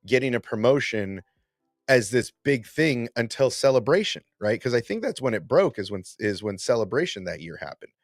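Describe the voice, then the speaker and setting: A man's voice: mid-range voice, sing-song, normal speed, dry recording, clean studio sound, soft background music. A man co-hosting a podcast in a casual debate, emphatic and repeating words as he builds a point. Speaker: podcast co-host.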